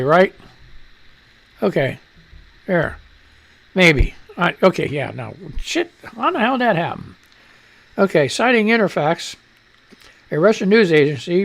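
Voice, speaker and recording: Man, gravelly voice, profane ranting radio host, reads news, mic distance keeps changing. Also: high voice. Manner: profane, irritable rant, fiddling with the mic. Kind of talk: unscripted live radio talk and news reading. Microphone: studio microphone at shifting distance.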